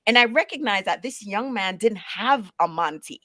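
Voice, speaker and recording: Lively Jamaican-born woman telling stories. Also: mid-range voice, normal speed, no echo. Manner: animated storyteller who acts out quoted voices. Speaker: guest, paralegal manager. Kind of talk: conversational interview storytelling.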